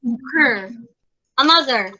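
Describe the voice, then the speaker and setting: A young Filipino English-accented woman leads a lesson in a high voice. She talks deliberately and keeps checking in with her students. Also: expressive, pushed and bright, poor audio. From Philippines. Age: young adult. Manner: deliberate, checks in often with okay. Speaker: teacher in a class role-play. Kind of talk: classroom teaching.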